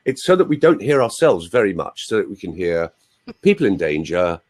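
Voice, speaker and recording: A man's voice: deep voice, big pitch swings, brisk, darkish tone. A male voice coach explaining techniques on an online call, with joking asides. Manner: explanatory, demonstrates sounds, jokey asides. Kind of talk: teaching on a group call.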